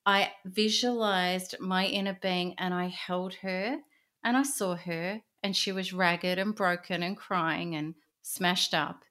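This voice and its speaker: A middle-aged woman, an interview guest, telling her personal story in an earnest, intense way, often dropping to a hushed voice. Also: mid-range voice.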